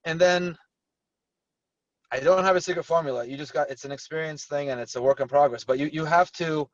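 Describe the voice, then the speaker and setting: Man, real estate agent, candid rambling talk, slightly high voice, dry distant mic, muffled video call sound. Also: brisk, no echo. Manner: candid, rambling with many restarts. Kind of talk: panel discussion over video call.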